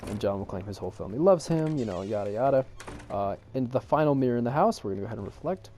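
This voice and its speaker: A man's voice: medium pitch, lively intonation, racing, warm tone. A man giving a casual gameplay walkthrough. He explains each step in a rambling way, full of ums, and raises his voice at times to talk over the game's music. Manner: rambling, filler-heavy explanation with frequent ums. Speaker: game walkthrough guide. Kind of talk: casual gameplay tutorial commentary.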